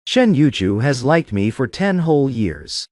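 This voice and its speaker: Lively male storyteller, dry close sound. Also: mid-range voice, a little slow, no room sound. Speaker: narrator. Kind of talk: first-person story narration.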